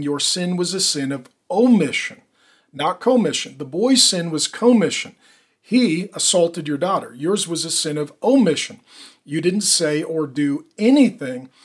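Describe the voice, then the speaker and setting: A middle-aged man preaching a sermon, emphatic, punching key words as he drives each point home. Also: fairly high pitch. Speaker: pastor.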